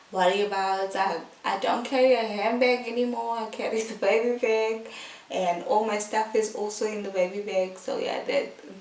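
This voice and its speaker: A young woman talks slowly and openly to her viewers about life as a new mother, her speech loose and full of fillers. Her voice sits back from the mic in a reverberant room. A faint hiss runs under the recording. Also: medium pitch, far from the mic. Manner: chatty, heartfelt, fillers like "like" and "um". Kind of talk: casual vlog chat.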